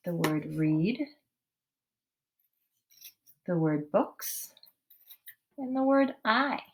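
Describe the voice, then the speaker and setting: A woman teaching a writing lesson to young children, speaking slowly and clearly and sounding out each word with encouragement. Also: lowish voice, a little hiss or hum.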